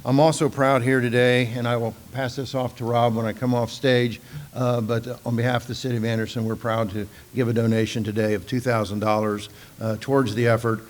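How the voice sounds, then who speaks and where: A man speaking for the city, giving formal public remarks at a charity event in a measured way. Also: mid-range voice. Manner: measured, steady delivery with filler "uh"s.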